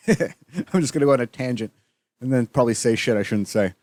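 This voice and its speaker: A man's voice: mid-range voice, animated, moderate pace, darkish tone, no echo. Profane ranting man. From Canada. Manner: profane, ranting, swears constantly; rambling with many fillers and restarts. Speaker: podcast host. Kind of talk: solo podcast monologue.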